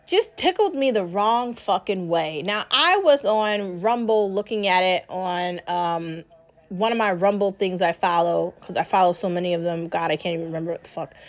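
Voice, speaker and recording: A woman's voice: lowish voice, normal speed. Young woman ranting on her podcast, cussing constantly, fired up, kinda muffled audio. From New England. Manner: angry, profane, ranting. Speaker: podcast host. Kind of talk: solo political rant podcast.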